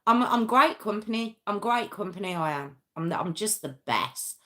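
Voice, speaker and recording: A woman's voice: medium pitch, lively intonation, normal speed, pushed and bright. A woman hosting a true crime live stream, chatting casually and self-mockingly with viewers while reading the comments. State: sore arm. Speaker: true crime livestream host.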